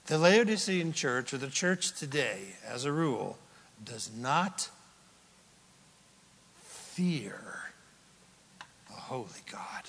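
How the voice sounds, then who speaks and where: A man preaching a sermon in a high voice, taking his time over each phrase. He swings from loud, emphatic declarations down to hushed, almost whispered lines. The sound rings with long reverb from a large church hall. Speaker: pastor.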